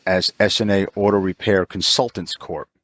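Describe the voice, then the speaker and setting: A man in his fifties telling a long story in casual chat, jumping into a higher pitch to act out the people he quotes. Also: moderate pace, no room sound, clean studio sound. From New York. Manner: animated, acts out quoted voices in a higher pitch. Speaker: mobile auto technician, podcast guest.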